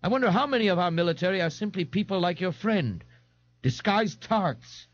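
A man's voice: high voice, animated, moderate pace, pitched above the performer's own voice. A man voicing a pompous, indignant and bloated male eccentric in an audiobook, haughty and scolding with grand pronouncements. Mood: grandiose. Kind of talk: audiobook character voice. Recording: dull, dry 1989 tape recording.

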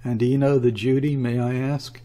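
Here is a man doing a boisterous young sailor from an audiobook, a swaggering, loud-talking fellow. His voice is low and gravelly with a husky edge, and he turns scornful and loud when he is crossed. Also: a little slow, heavily acted. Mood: raging. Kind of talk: audiobook character reading.

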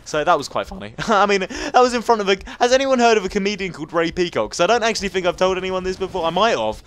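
A young man in his late teens from England talks fast and rambles jokily over a game, and his high voice leaps around wildly. There is a faint hiss behind him throughout. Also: very animated, fairly bright tone. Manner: fast, rambling and jokey, with sudden squeaky jumps. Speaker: gaming YouTuber. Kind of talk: casual gameplay commentary.

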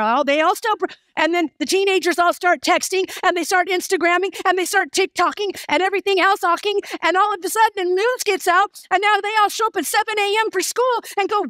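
A woman's voice: extremely high pitch, moderate pace, fairly bright tone, no room sound, studio quality. A woman pastor preaching a passionate, emphatic sermon full of repeated phrases.

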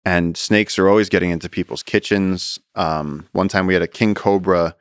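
An American man in his thirties, a podcast guest telling stories in casual conversation, animated, acting out quotes, with many fillers. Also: low voice, normal speed, smooth, no room sound, studio quality. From United States.

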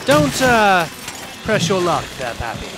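A man voicing a formal, wry narrator who speaks slowly and deliberately. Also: high voice, very animated. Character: dry formal male game narrator. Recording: game music under voice.

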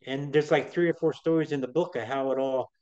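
A middle-aged man, guesting on an interview, tells his story in a chatty, rambling manner full of restarts. His mid-range voice is steady and darkish, a little fast, and the recording sounds dull and lo-fi.

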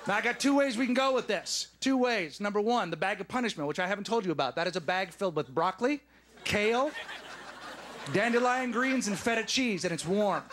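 A man in his late thirties doing a stand-up comedy set, animated and emphatic, with punchy asides. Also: high voice, a little fast. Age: 30s. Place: studio stage before a live audience.

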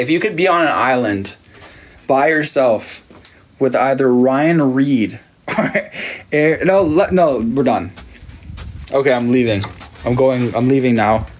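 A man in his thirties with an Australian accent hosts a late-night livestream, chatting casually and playfully teasing his viewers as he reads their messages aloud. His mid-range voice is a little slow, and he pauses often.

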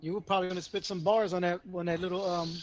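A man on gaming voice chat, calmly calling out enemies and chatting with the streamer. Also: sits high, racing, lo-fi sound, faint music behind. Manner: calls out enemy positions, easygoing. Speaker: teammate on voice chat.

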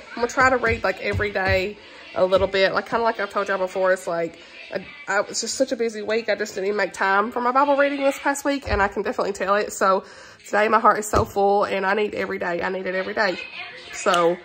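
A woman's voice: mid-range voice, a bit bright. A woman talking casually to her camera at home in a reading vlog, heartfelt and chatty, calling listeners "y'all" and "honey". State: tearful, emotional. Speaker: book vlogger.

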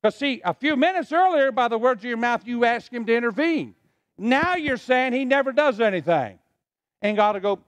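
A middle-aged man preaching in a church, his voice riding high and swinging widely in pitch. He leads the congregation to repeat phrases back to him. The sound is close and dry. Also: expressive, normal speed, a bit bright, no echo. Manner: preaching with call-and-response to the congregation. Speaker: pastor. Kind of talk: sermon. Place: church sanctuary.

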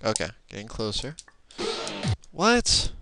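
A young man talks through a tough platform game into his laptop microphone, swinging his pitch all over as he mutters, groans and swears at the screen. He speaks at a slow, drawn-out pace, with faint game music playing underneath. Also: wildly swooping pitch. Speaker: let's play gamer. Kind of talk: casual gameplay commentary.

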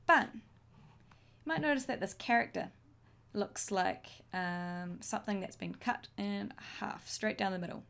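A woman teaching a language lesson, modelling each phrase slowly and clearly for learners to repeat. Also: medium pitch, lively intonation. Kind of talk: slow, deliberate language lesson.

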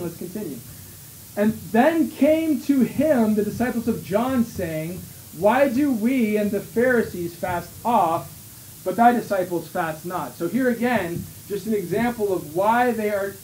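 Fervent preacher in an echoey church. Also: male voice, sits high, darkish tone. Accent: Canadian. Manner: fervent preaching, mocking voices for hypocrites. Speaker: pastor. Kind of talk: sermon. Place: small church hall. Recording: echoey room, faint hiss.

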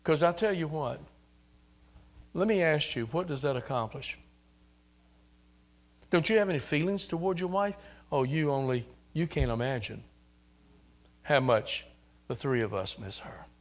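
An older man preaching a sermon in a church, building up to loud, repeated exhortations. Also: a little high, unhurried, pauses often. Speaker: pastor. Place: church sanctuary.

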